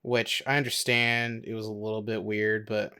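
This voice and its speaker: A man's voice: fairly low pitch, little pitch movement, normal speed, sharp tone, clean tone. A young man co-hosting a podcast in casual chat, hesitant, often stammering and restarting his sentences. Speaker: podcast co-host.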